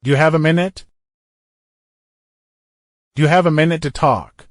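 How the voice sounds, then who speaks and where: A man's voice: fairly high pitch, moderate pace, no echo, studio quality. A man reading everyday English phrases for beginners, saying each short phrase and then repeating it inside a longer sentence. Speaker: English teacher. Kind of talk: reading example phrases for learners.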